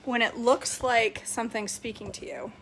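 A woman's voice: a little high, fairly even intonation, normal speed, vocal fry, slight background noise. Chatty woman cooking over clattering pans. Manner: chatty, joking, playfully bossy. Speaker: cooking vlogger. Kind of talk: casual cooking demonstration. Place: home kitchen at the stove. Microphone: camera set up near the stove. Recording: clattering pots and whisking behind voice.

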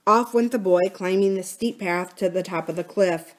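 A woman from a library reading a children's adventure book aloud in a clear, even storytelling voice. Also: medium pitch, normal speed.

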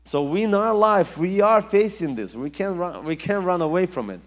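A man's voice: high-pitched, lively intonation, moderate pace. Man preaching in an echoing hall. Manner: emphatic, rising and falling delivery with repetition. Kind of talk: sermon.

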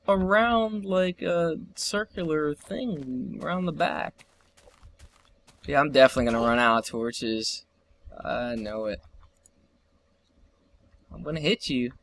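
A young man giving solo let's play commentary, excitable, yelping, cursing at the game and laughing often. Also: sits high, no echo. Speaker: gameplay commentator.

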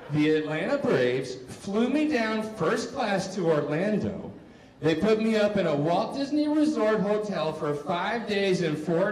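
High-voiced man doing stand-up. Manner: self-mocking, acts out both sides of exchanges with rising exasperation. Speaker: stand-up comedian. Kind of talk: stand-up comedy set. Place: comedy stage before a live audience. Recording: roomy live stage sound from far off, crowd noise. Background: audience laughter.

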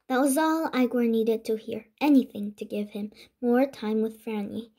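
A woman whose first language is Korean reading a children's chapter book aloud, halting and restarting words as she goes. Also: on the high side, fairly even intonation, dark tone. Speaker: reader.

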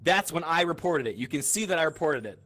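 A man's voice: fairly high pitch, lively intonation, fast talker, a bit bright. A man playing a multiplayer game with friends, telling what happened in a playful way. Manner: storytelling, playful. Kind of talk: casual gaming chatter.

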